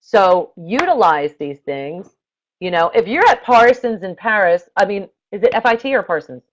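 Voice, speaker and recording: Woman, show host, casual chat, animated advice, video call. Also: medium pitch, normal speed. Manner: animated, advice-giving, playful.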